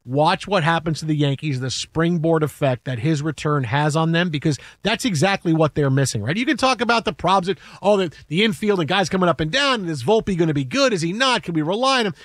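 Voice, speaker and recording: A man hosting a sports talk show, telling stories casually and arguing his points with energy and quick restarts. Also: on the high side, dry recording, studio quality. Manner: animated, quick restarts, acts out quotes.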